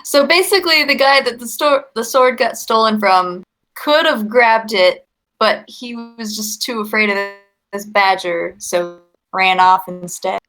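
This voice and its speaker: A woman's voice: medium pitch, measured pace, fairly bright tone, poor audio. A woman playing in a tabletop role-playing game, chatting casually and laughing often. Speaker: player. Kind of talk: casual chat at a gaming table.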